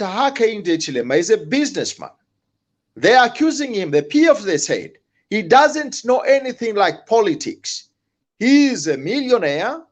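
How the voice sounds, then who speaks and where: A man speaking as a panelist, impassioned, repeating himself and restarting his words. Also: sits high. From Zambia. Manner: impassioned, repetitive, halting restarts. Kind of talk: political panel discussion.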